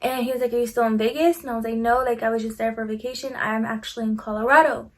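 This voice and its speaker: A woman's voice: a little high, fairly even intonation, fast. A young woman telling a personal story in a casual, chatty way, full of "like" and swearing, acting out her own side of conversations. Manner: chatty, heavy use of "like", swearing, quoting herself.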